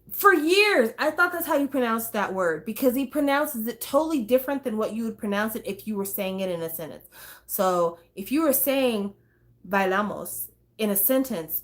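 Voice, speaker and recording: A woman's voice: fairly high pitch, a bit bright. A woman hosting a casual talk stream, chatty and swearing, breaking into snatches of songs. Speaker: host. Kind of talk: casual chat.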